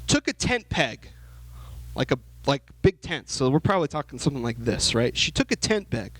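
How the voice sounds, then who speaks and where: A young man giving a lively youth sermon, asking the audience questions and acting out the characters in the story. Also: mid-range voice, moderate pace, no room sound, low-quality recording. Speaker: youth pastor.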